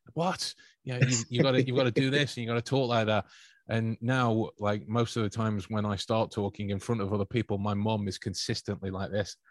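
A man with a somewhat low voice chats casually as a podcast host. He talks in halting bursts, often restarting his words and chuckling as he goes. The sound is close and dry, with no room around it. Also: flat delivery, no echo.

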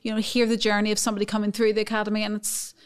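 Smooth-voiced woman co-hosting a podcast. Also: mid-range voice, monotone, rapid-fire. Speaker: podcast co-host. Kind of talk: podcast chat and reading emails.

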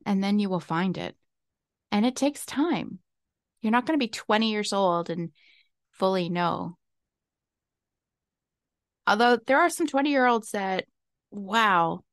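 Speaking slowly with frequent pauses, a woman hosts a casual solo podcast, her medium-pitched voice lively in intonation. She's exuberant and laughs a lot, recorded dry and at studio quality on a desk mic.

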